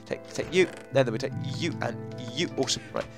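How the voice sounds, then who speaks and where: Stuffy-nosed young male gamer, rambling, excitable let's-play host over faint game music. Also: medium pitch, fairly quick. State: blocked nose. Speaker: gaming video host.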